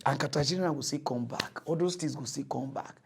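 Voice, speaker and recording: A man speaking Nigerian Pidgin English, hosting a satirical mock news show in an animated rant that swings from mutters to loud outbursts. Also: medium pitch, a little fast, creaky, breathy edge. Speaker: comedy news host.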